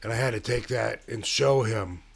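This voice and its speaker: A man casually telling a personal story as host of his own channel, in a laid-back way with pauses and fillers. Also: fairly low pitch, gravelly, breathy edge, soft background music.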